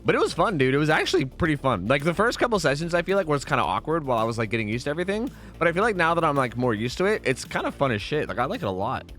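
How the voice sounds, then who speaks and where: A man's voice: a little high, very animated, rapid-fire, few pauses, fairly bright tone, faint music behind. A man hosting a casual livestream who swears a lot, rambles, and keeps thanking subscribers.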